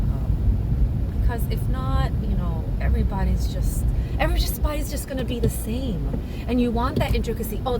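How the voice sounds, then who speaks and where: A woman vlogger chatting casually from her car, rambling with restarts in a conversational way. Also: fairly high pitch. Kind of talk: casual car chat vlog. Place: parked car. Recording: loud background noise.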